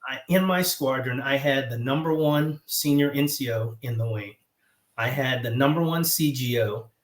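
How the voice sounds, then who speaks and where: A man with a Southern American accent, a guest chatting about his years in command, talking haltingly with many fillers and restarts. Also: medium pitch. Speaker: guest, former squadron commander. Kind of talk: casual interview chat. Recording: roomy echo.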